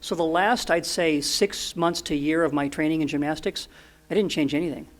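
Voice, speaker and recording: A man in his sixties, a podcast guest, telling stories in an earnest, animated way with frequent restarts. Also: fairly high pitch, a little fast. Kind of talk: storytelling in an interview.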